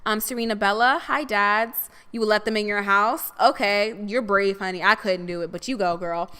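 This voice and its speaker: A woman's voice: medium pitch, normal speed, bright, forceful tone, clear, resonant tone. A young woman co-hosting a casual podcast, reading out viewer comments and chatting about them affectionately. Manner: chatty, affectionate, calls listeners "honey". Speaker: podcast co-host.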